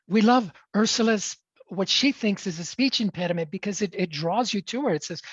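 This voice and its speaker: A woman's voice: medium pitch, brisk, slightly rough, dry recording. A woman giving a motivational talk on public speaking as a coach, emphatic and full of rhetorical questions. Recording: dry, dull lo-fi sound.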